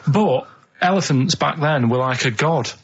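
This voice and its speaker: A man on a comedy radio show, telling a rambling, earnest story in a flat, deadpan way while the others tease him. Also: a little high, a little slow, slightly rough, muffled recording. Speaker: radio co-host presenting a segment.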